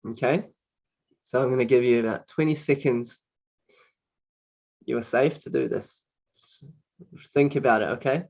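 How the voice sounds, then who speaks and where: A man coach leading a guided anger exercise, slowly repeating single words over and over. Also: mid-range voice, gravelly, darkish tone, highs cut off. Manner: slow, repetitive chanting of single words.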